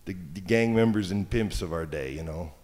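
A man's voice: low voice, normal speed, a little mellow. A man preaching a sermon as pastor, talking in a conversational way with joking asides. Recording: long hall reverb.

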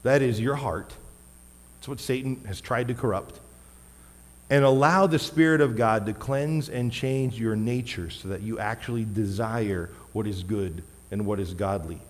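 A man preaching a sermon as a pastor, wearing a microphone, emphatic, with loud stressed words and quiet asides. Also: fairly low pitch, a little slow. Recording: long hall reverb.

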